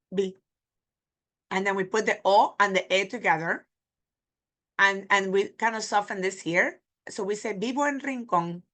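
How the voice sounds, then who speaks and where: Bright-voiced teacher, woman. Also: medium pitch. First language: Spanish. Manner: repeats phrases slowly for learners. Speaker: Spanish teacher. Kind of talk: pronunciation lesson.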